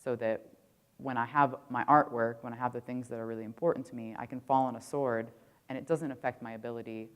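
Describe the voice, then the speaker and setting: Very low-voiced woman telling a casual story. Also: fairly even intonation, quick pace. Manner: casual, profane, full of "like" fillers. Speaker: keynote speaker. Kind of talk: conference keynote storytelling. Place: conference stage.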